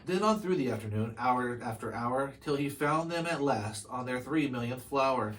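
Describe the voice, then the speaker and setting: A man reads a picture book aloud, breaking off now and then to chat with his listeners about the pages. His voice sits at an ordinary middle pitch, with faint background noise in the room. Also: expressive, fairly bright tone, poor audio. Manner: pauses to comment to listeners. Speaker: storybook reader.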